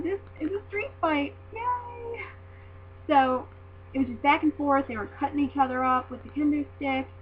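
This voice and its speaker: A young woman eagerly recounting a live wrestling show in a casual vlog, gushing and giggly as she tells it. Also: high-pitched. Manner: gushing, excitable, giggly fangirl. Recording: tinny lo-fi phone-like audio with faint hum.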